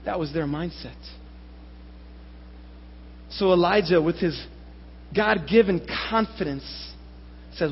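A man preaching a sermon, lively and animated, with rhetorical questions and sarcastic asides. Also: high voice, slow pace, gravelly, long pauses, slight background noise. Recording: dull lo-fi recording with long hall reverb.

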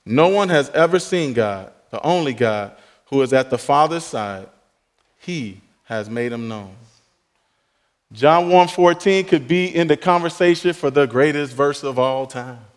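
A male pastor preaching a sermon emphatically, rising on key phrases and dropping to soft, quiet asides. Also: on the high side, lively intonation, measured pace, in a large hall.

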